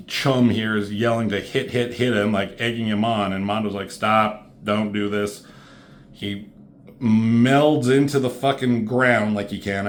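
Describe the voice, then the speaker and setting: A man talking casually through a comic book review, rambling and swearing, with plenty of fillers. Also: fairly low pitch. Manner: rambling, profane, loose with fillers.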